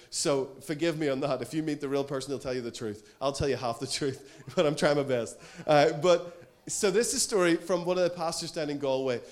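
High-voiced earnest male preacher. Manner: earnest, storytelling, acts out quoted voices. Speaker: pastor. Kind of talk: sermon.

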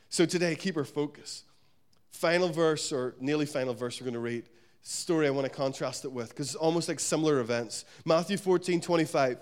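A man preaching a sermon to his church, emphatic and repetitive, rising to loud declarations and dropping to quiet, soft lines. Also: a little high, a little fast. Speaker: pastor. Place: church service.

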